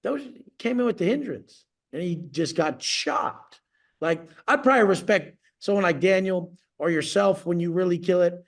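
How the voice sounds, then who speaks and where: A man's voice: high-pitched, lively intonation, normal speed. A man coaching clients on a video call, ranting bluntly and profanely, boasting as he goes.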